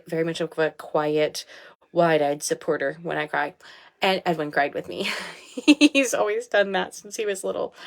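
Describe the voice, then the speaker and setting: Candid young mother talking low. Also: fairly bright tone. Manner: candid, heartfelt, laughs easily. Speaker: life coach. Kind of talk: casual live video talk. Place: small home bathroom.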